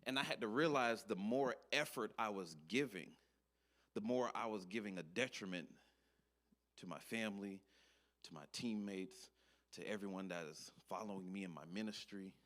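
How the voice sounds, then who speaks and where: A man's voice: fairly low pitch, moderate pace, fairly bright tone. A man preaching a short sermon in a conversational, earnest manner, peppered with "you know". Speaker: speaker, preacher.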